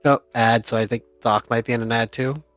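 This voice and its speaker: A man's voice: medium pitch, fairly quick, dry recording, soft background music. Chuckling man running a tabletop game. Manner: relaxed, chuckling often, filler-heavy. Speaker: game master. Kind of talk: narrating a tabletop game with friends.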